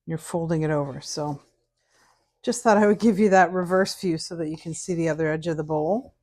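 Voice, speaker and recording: A middle-aged Canadian woman, working as a cooking instructor, talks casually while teaching a cake recipe, humming to herself as she goes. Her voice is low and a little mellow, and she speaks fairly quickly.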